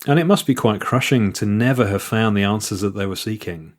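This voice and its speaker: Low-voiced male podcast host. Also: fairly quick. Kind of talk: interview questions.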